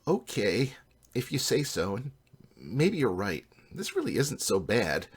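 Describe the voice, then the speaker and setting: A man's voice: medium pitch, wildly swooping pitch, husky, heavily acted. A man voicing a timid young woman half-dwarf thief who speaks meekly and hesitantly. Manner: meek, hesitant, slow.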